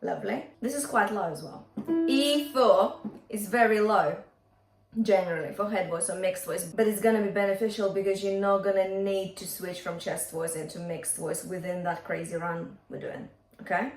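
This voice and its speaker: A woman's voice: mid-range voice, moderate pace, reverberant, soft background music. A woman vocal coach teaching a singing lesson, upbeat and encouraging, often checking in with her students.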